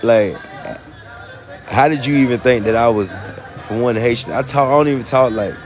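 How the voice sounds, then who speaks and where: A man's voice: medium pitch, normal speed, some chatter behind. A man with a Southern US accent talking casually on a phone live stream, rambling with many fillers and laughs. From United States. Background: music.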